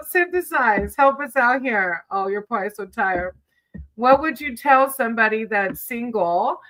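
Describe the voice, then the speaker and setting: A woman's voice: fairly high pitch, bright, forceful tone, poor audio. A woman hosting a casual livestream, chatting with viewers between tarot readings, giggling often and calling people sweetie.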